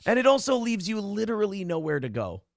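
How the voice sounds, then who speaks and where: A man hosts a casual morning show, spinning profane stories and laughing often. His voice sits a little high with a gravelly edge. The sound is dry and close. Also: sing-song, fast, dry recording. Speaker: host. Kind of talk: casual chat.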